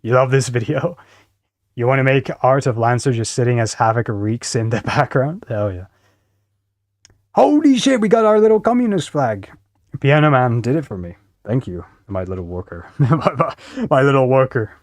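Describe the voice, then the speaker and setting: A man's voice: medium pitch, normal speed, no room sound, clean studio sound. A male streamer casually reacting to videos, laughing and swearing.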